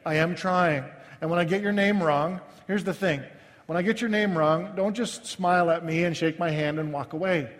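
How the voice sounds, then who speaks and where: A male pastor preaches in a high voice, chatty and self-deprecating, often halting and restarting his phrases. His words ring out with a long reverb, as in a large hall. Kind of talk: sermon.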